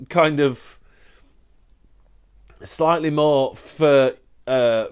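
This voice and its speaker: A British man talks to his camera in an easy, unhurried way. He rambles and trips over his words, cutting in on himself with wry, self-deprecating asides. His voice sits at an everyday pitch. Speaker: book collector vlogger. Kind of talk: casual chat to camera.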